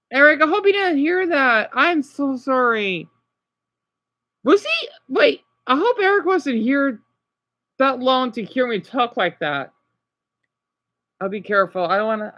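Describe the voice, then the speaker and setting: A man's voice: extremely high pitch, pushed and bright, lo-fi sound. A man livestreaming and chatting with his viewers in a rambling, upset way, with many restarts and apologies. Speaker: livestreamer reacting to videos.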